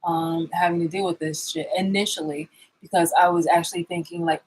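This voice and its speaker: A woman's voice: on the low side, little pitch movement, fairly quick, darkish tone, low-quality recording. A woman vlogger in a rambling, sarcastic rant, swearing and restarting her sentences as she calls people out. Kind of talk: confrontational vlog rant.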